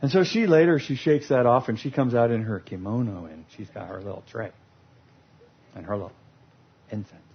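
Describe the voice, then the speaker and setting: A man's voice: medium pitch, normal speed, long pauses, noisy background. A man giving a humorous teaching talk about love languages, playful and laughing as he acts out scenes. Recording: lo-fi recording.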